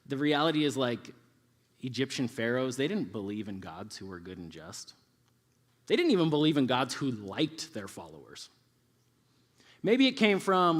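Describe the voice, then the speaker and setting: A man in his thirties preaching a casual, conversational sermon, acting out quoted voices as he goes. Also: mid-range voice. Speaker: youth pastor. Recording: live hall reverb.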